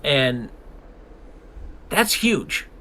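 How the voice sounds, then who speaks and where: A man's voice: medium pitch, very animated, drawn-out words, bright, forceful tone, slight background noise. A man co-hosting a podcast, talking in an earnest, rambling way and swearing casually. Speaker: podcast co-host.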